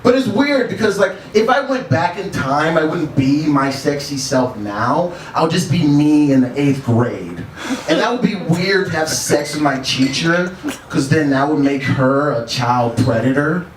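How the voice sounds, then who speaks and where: A man's voice: fairly high pitch, expressive, unhurried, slight background noise. A man doing a stand-up set, laid-back and chuckling between his jokes. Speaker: stand-up comedian. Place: bar stage. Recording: echoey bar heard from a distance. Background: bar ambience.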